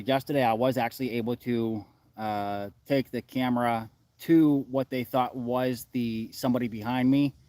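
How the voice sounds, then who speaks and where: A man casually chatting on a live stream from outdoors in the woods, reading chat and speaking in a relaxed way with many filler uhs. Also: medium pitch.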